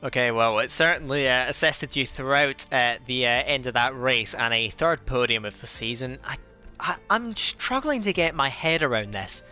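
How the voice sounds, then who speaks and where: A man's voice: mid-range voice, lively intonation, normal speed, pushed and bright, soft background music. A man hosting a league's post-race broadcast, asking questions with many hesitant fillers.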